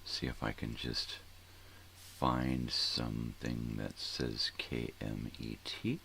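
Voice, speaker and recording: A man's voice: extremely low pitch, little pitch movement, slow pace, vocal fry, pushed and bright, a little hiss or hum. An older man hosting a casual morning show, rambling and thinking aloud, often trailing off into mumbles. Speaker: host.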